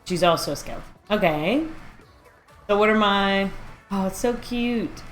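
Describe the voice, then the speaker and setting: A woman's voice: mid-range voice, measured pace, soft background music. A woman streaming a video game live, chatting casually and rambling as she reacts aloud to what she sees. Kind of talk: casual live-stream chat while playing.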